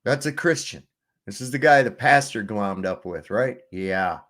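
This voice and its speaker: A man's voice: fairly low pitch, lively intonation, moderate pace, fairly bright tone. Blunt, profane ranting man. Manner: blunt, crude, preachy. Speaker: commentary host.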